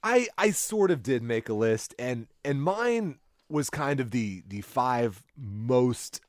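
Animated man ranting about a movie. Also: medium pitch, slow, no echo, studio quality. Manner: rambling, wry, animated with restarts. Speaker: podcast co-host reviewing a movie. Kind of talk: casual chat.

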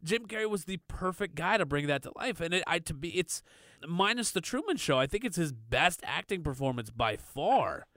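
A man's voice: fairly high pitch, moderate pace, dry recording, studio quality. A man co-hosting a podcast, talking loosely about movies with lots of fillers. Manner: relaxed, loose, filler-heavy. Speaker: podcast co-host. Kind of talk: casual movie chat.

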